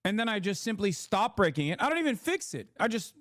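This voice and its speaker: A man's voice: sits high, very animated, fast, fairly bright tone, no echo, studio quality. A young man streaming, ranting casually with sarcastic, profane mockery.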